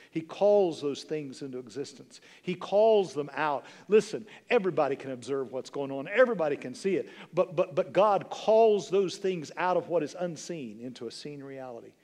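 Sixties guy preaching hard in a big church, bit high voice, long echo trailing off. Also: a little mellow. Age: 60s. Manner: emphatic preaching with repetition and rhetorical questions. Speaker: pastor. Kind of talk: sermon. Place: church sanctuary.

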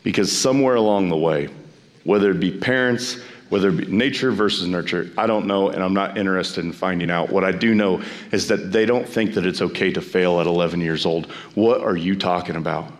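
A pastor preaching a sermon, emphatic and repeating phrases, his voice climbing high when he exhorts. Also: a little fast.

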